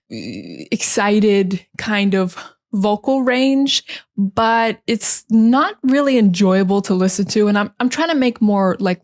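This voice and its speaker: A young woman with a standard American accent, talking calmly and close to the mic as an English teacher in a relaxed podcast style. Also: medium pitch. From United States. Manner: calm, close to the mic, chatty with fillers. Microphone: close microphone.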